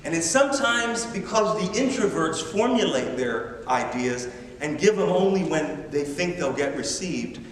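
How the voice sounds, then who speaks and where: A man preaching a sermon as a missionary, animated and emphatic, with self-deprecating humor. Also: fairly high pitch, unhurried, hardly any pauses, far from the mic, a little hiss or hum. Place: large church sanctuary. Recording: echoey church hall from afar.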